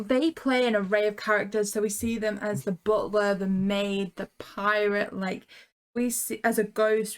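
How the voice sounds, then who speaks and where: A woman co-hosting a podcast, casually recapping a cartoon episode and laughing easily. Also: mid-range voice. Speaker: podcast co-host. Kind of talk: casual review chat.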